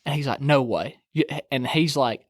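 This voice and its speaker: A man's voice: medium pitch, normal speed, no echo, studio quality. A young man, telling a fishing story in casual chat and acting out what his friends said. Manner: animated storyteller, acts out quoted friends.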